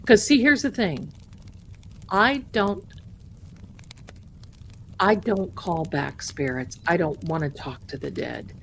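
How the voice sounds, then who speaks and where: A woman's voice: on the low side, slow pace, vocal fry, long pauses, a bit bright, slight background noise. A woman hosting a tarot live stream in casual chat, rambling and greeting viewers as "my darling.".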